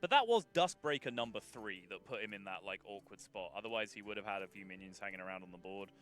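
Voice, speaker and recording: A man casting a card game tournament live, chatty and quick to laugh. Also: lowish voice, animated, a bit bright, faint music behind. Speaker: esports caster. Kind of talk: live esports commentary.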